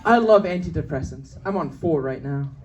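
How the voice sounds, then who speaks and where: A young man works a comedy club stage with a brash, quick-shifting delivery. His voice sits high for a man, and he switches into other voices to act out scenes. The sound comes through the club mic from some distance. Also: animated, highs cut off, a crowd in the background. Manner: brash, fast-shifting, acts out voices of people in his stories. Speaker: stand-up comedian. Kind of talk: stand-up comedy set. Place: comedy club with live audience.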